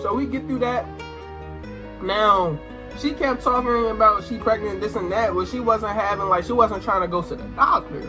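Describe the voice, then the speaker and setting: A young adult man telling a story to camera in a casual, animated way, swearing and exclaiming as he goes. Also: sits high, moderate pace, over music. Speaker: storytime vlogger. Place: indoor room, sit-down recording.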